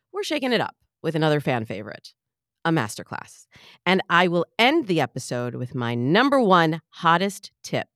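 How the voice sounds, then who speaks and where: A middle-aged woman, a dating coach, hosting her podcast in a bubbly, playful, animated way. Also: lowish voice, no echo, studio quality. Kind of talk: podcast monologue.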